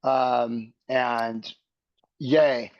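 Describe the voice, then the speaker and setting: A man's voice: mid-range voice, fairly even intonation, very slow, no echo, muffled recording. A man speaking as a podcast guest, earnest and searching, building his thoughts step by step in a reflective conversation.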